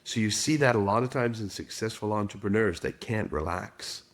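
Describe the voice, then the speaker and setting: A man's voice: lowish voice, moderate pace. A middle-aged man, a guest expert in a podcast interview, telling stories and acting out quotes. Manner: storytelling with acted quotes.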